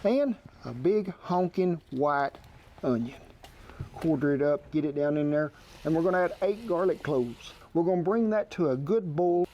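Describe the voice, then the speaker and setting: A man's voice: fairly high pitch, animated, normal speed, muffled recording. A man hosting a cooking show, talking folksy and homespun while he demonstrates outdoors. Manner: homespun, colloquial, chatty.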